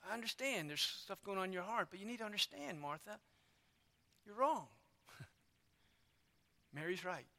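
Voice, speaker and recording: Preacher playing a calm male teacher rebuking gently, quieter and lower. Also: racing, few pauses, in a large hall. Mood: gentle. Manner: gentle, soft-spoken.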